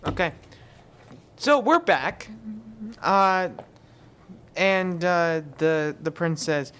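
A man running a tabletop role-playing game, narrating casually with frequent restarts and laughter. His voice sits a little higher than most men's. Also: sing-song, takes it slowly, pauses often, fairly bright tone, clean tone. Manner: loose, stumbling, laughs often. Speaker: game master.

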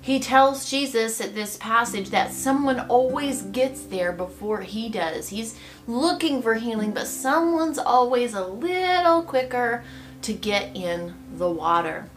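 A woman giving a devotional Bible teaching in a reflective, gently expressive way. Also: a little high, measured pace. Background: soft guitar music.

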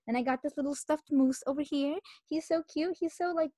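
A woman's voice: sits high, steady tone, fairly quick, warm tone, no echo, clean studio sound. A woman co-hosting a podcast in casual, rambling chat, sniffling from a cold. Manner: chatty, rambling, giggly. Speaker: podcast co-host.

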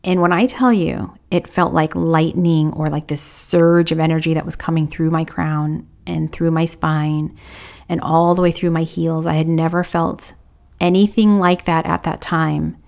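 Gravelly-voiced woman podcast host. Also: deep voice, steady tone, a little slow. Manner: confessional, quoting others in hushed whispers. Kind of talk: personal storytelling.

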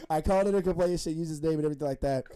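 A man's voice: a little high, rapid-fire, mellow, clear, resonant tone. A young man telling a story in casual podcast chat, rambling with lots of fillers and frequent laughter.

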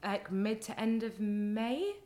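A young woman guest telling a story in casual chat, animated and acting out the voices of others. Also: medium pitch, slow. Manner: animated, acts out quoted voices, talks in long excited runs. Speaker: guest, baking contestant.

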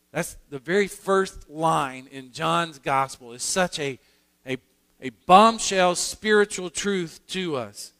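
A man's voice: fairly high pitch, a bit bright. A male pastor preaching a sermon, earnest and emphatic, often restarting his phrases. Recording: long hall reverb in a sanctuary.

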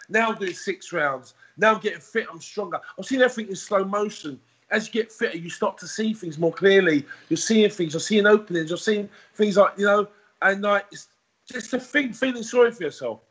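A man being interviewed as a podcast guest, talking in a rambling, repetitive, animated way with a husky voice. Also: sits high, a little fast, lo-fi sound. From United Kingdom.

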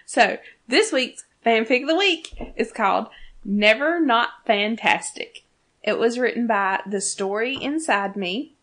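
A woman's voice: a little high, lively intonation, measured pace, fairly bright tone. A woman in her thirties, a podcast co-host chatting casually, laughing often and swearing freely as she gushes. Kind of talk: casual chat.

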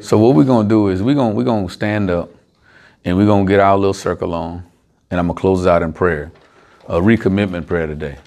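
A man preaching an informal, conversational sermon to a small group, animated and speaking straight to his listeners with everyday examples. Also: sits low, fast.

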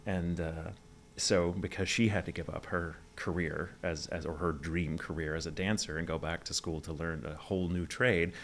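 Man, mid-Atlantic accent, forties, very low pitch, measured storyteller. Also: steady tone, a little hiss or hum. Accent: neutral mid-Atlantic. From Texas, USA. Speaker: guest, voice actor. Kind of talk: casual interview.

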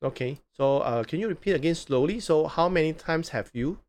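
Deliberate male interview show host. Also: fairly high pitch, lively intonation, darkish tone. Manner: deliberate, repeats phrases slowly, hesitant fillers. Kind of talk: hosting a live interview show.

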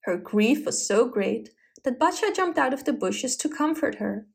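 A woman narrating a folk tale in an expressive, dramatic storybook style. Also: high voice, moderate pace, vocal fry, hardly any pauses.

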